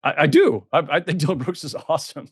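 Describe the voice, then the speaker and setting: A middle-aged man talks on a podcast, chatty and self-deprecating, with plenty of ums and restarts. His voice sits a little high for a man. It is recorded close and dry, with no room sound. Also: lively intonation, quick pace, slightly rough, dry recording. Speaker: podcast co-host. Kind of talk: casual podcast chat.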